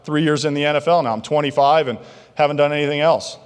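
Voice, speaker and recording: Guy giving a keynote, fairly high voice, animated and jokey, long echo off a big banquet hall. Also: fast, smooth. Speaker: keynote speaker. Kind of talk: motivational keynote storytelling. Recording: long reverb of a large hall.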